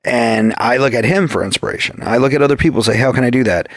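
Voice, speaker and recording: Gravelly, foul-mouthed man telling stories. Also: mid-range voice, quick pace, no echo, studio quality. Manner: swears constantly, acts out quoted exchanges. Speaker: podcast guest. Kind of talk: profane casual storytelling.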